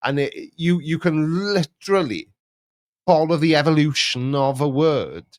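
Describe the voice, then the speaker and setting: A man's voice: fairly high pitch, lively intonation, a little slow, no room sound. A middle-aged man with a Welsh accent, rambling through a casual chat and dropping in plenty of yeahs as he hosts. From Wales. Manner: chatty, rambling, lots of yeahs. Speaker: channel host.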